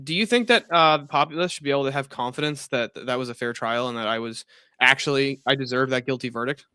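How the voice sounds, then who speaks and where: Young man, debater, bright forceful voice, brash, rambling, dry sound. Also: medium pitch, fairly even intonation, quick pace, smooth, dry recording. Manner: brash, swearing, rambling with restarts. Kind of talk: heated casual debate.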